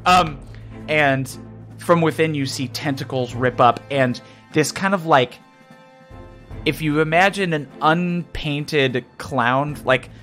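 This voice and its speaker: A man's voice: a little high, slow pace, fairly bright tone. A man narrating a tabletop game as dungeon master, chatty and loose, with plenty of fillers. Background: faint music.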